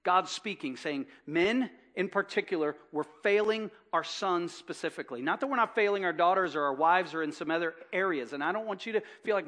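A man preaching a sermon as pastor, impassioned, swinging from loud urgency to hushed, fervent preaching with rhetorical questions. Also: high-pitched, expressive, brisk, few pauses.

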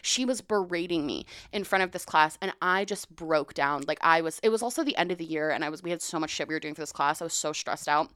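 A woman in her twenties co-hosting a chat show, telling stories in an animated way, laughing often and swearing freely. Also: deep voice, fast talker, hardly any pauses, smooth, dry recording, studio quality. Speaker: podcast co-host. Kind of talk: casual storytelling chat.

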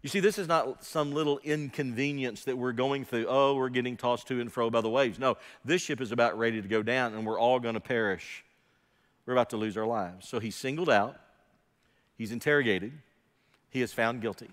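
A man delivers a sermon from the pulpit, driving his points home with pointed rhetorical questions. His mid-pitched voice drops to quiet asides and then climbs to loud, raised passages. The sound carries a long reverb, as in a large church sanctuary. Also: steady tone, moderate pace. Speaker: pastor.

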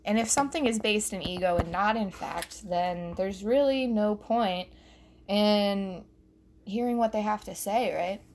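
A woman's voice: mid-range voice, measured pace, slight background noise. A young woman doing a profane, rambling comedy rant alone in her bedroom, recorded on her phone, laughing at her own jokes. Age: young adult. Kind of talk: solo stand-up style rant.

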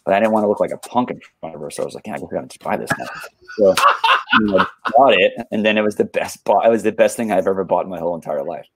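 A man's voice: low voice, very fast, background noise. A man, a guest telling a rambling, laid-back story on a livestream, full of fillers and restarts.

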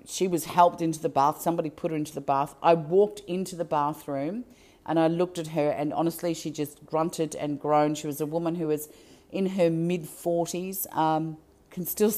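A woman telling a personal story out loud in an earnest, emphatic and heartfelt way. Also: deep voice.

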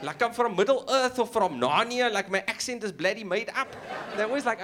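A South African man doing stand-up, his voice set high and swooping all over the place. He tells his story in a playful, teasing way and keeps throwing in mocking asides. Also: lively intonation, fairly quick, very noisy. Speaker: stand-up comedian.

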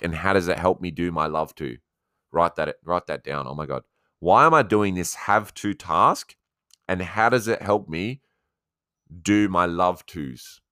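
A man hosting a casual motivational podcast, energetic and rambling, swearing freely. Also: deep voice, clean tone, no echo, studio quality. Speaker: podcast host.

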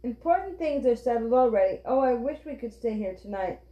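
A woman reading aloud, voicing a cheerful, capable girl who speaks with bright enthusiasm. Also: a little high, lively intonation, brisk, slight background noise, natural voice. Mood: enthusiastic. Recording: roomy, dull lo-fi.

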